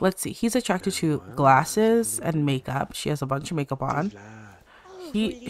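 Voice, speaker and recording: A young woman chatting excitedly through a life-simulation game, talking to her viewers in a slangy, casual way. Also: deep voice. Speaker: let's play creator. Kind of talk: casual gameplay commentary.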